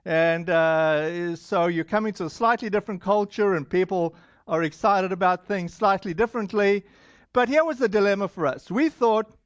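Preaching to his congregation, a man with a non-American accent and a high-sitting voice wanders loosely through his sermon with plenty of fillers and restarts. There's no room sound, and the audio is dull and lo-fi.

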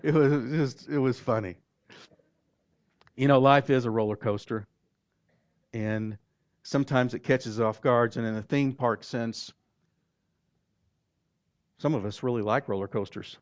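A man with an Oklahoma accent tells stories from the pulpit in a folksy, halting manner, doubling back on his words. His voice sits at an ordinary pitch. The recording is dull and lo-fi, with a dry sound and no room echo. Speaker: pastor. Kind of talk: storytelling sermon.

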